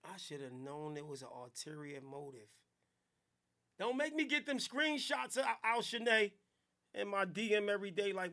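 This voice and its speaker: High-pitched man, bright gravelly voice, podcast host, animated comic rant, faint music behind. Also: moderate pace. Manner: animated, loud bursts of hype and chanting. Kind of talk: comic live-stream rant.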